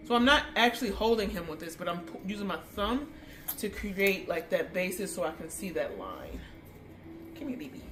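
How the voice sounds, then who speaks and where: A woman dog groomer giving a hands-on tutorial, chatty, cooing baby talk at a wiggly dog between her explanations. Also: mid-range voice. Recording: roomy with faint background noise.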